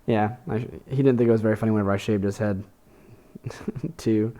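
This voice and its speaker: A man's voice: lowish voice, measured pace, long pauses, warm tone. A young man hosting a podcast, talking in a rambling, profane, self-deprecating way with many fillers and restarts. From Texas. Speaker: podcast host. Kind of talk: casual monologue.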